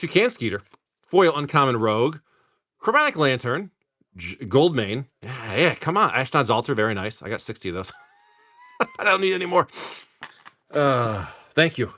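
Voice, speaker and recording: Laughing, joking dad streamer. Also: male voice, mid-range voice, bright, forceful tone. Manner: jokey, laughs often, swears casually; rattles off card names while opening packs. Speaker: streamer opening card packs. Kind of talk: casual live-stream chat.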